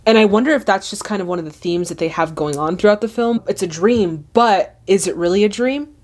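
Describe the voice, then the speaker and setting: A woman hosting a movie reaction, talking in an animated, chatty way, often exclaiming at what she sees. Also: mid-range voice, brisk.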